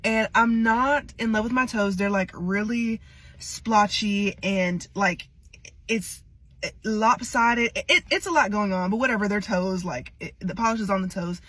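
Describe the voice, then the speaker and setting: A woman's voice: mid-range voice, a little slow, fairly bright tone. A young woman telling a rambling, chatty storytime about a salon visit, with exasperated asides. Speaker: TikTok storyteller. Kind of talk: casual storytime.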